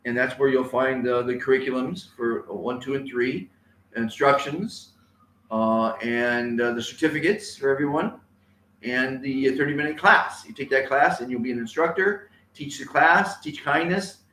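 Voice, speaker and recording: A man's voice: medium pitch, normal speed, fairly bright tone, roomy sound, a little hiss or hum, low-quality recording. A man teaching a kindness class alone on a live stream, rambling with many fillers and repeated words.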